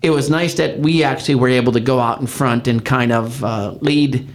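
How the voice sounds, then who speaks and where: A man's voice: medium pitch, moderate pace. An older man with a Midwestern American accent, co-hosting a casual chat and telling stories in a rambling way, full of restarts. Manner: rambling, many restarts, animated retelling. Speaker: podcast co-host, county council member.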